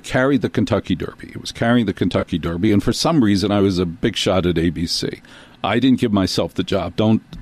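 A talk show host from New Jersey with a fairly low voice, telling a long story in a loose, rambling way. He breaks off for self-deprecating asides and comic tangents. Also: a little mellow. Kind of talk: storytelling monologue.

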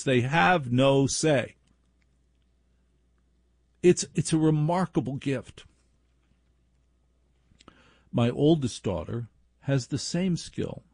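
A middle-aged man hosts a talk radio show and tells a long story with self-deprecating humor. His husky voice moves a lot in pitch, and the sound is close and dry. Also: a little mellow, no room sound. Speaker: radio host.

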